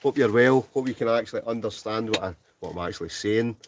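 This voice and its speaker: A man's voice: on the low side, fast, a little hiss or hum. A Scottish man in his forties hosting a casual livestream, reading out viewers' comments, laughing often and mumbling a bit. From Scotland. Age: 40s. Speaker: livestream host. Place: inside a tent.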